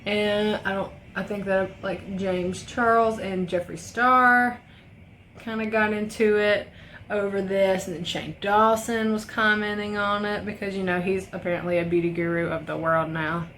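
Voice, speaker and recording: A young woman beauty vlogger chats casually through a makeup tutorial, rambling, ranting, and swearing. Her medium-pitched voice is a bit bright, fairly even, and unhurried, with slight background noise.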